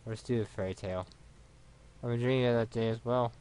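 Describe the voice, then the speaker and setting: A man reads a visual novel aloud in an even, unhurried voice of middle pitch, now and then tripping over a word. It has the plain feel of a let's play recording. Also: smooth.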